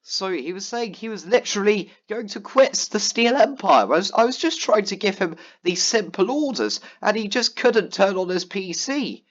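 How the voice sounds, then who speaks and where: A fairly high-voiced man rambles through a casual rant, piling up ums and false starts as he vents. The sound is dull and lo-fi, like a cheap home mic. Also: lively intonation, normal speed, few pauses. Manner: rambling, exasperated storytelling with many fillers. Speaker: gaming vlogger. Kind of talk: casual ranting commentary over gameplay.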